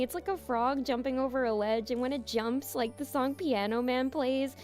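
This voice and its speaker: Casting note young woman, chatty giggly streamer voice, fairly high, game music behind. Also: steady tone, moderate pace. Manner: chatty, giggly, reads narration in a soft voice. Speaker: streamer playing a visual novel. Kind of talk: reading a game aloud with casual commentary.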